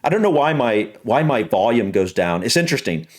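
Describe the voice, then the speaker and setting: A man's voice: medium pitch, big pitch swings, a little fast. An American man hosting a reaction video, chatting casually and repeating practice words while laughing at himself. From United States. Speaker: reaction channel host.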